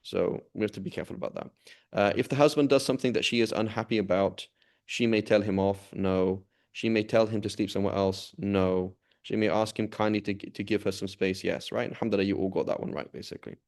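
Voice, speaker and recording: A man's voice: lowish voice, fairly even intonation, fast talker, creaky, darkish tone. A man teaching an informal class, talking conversationally and often checking in with the students. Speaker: Islamic studies teacher.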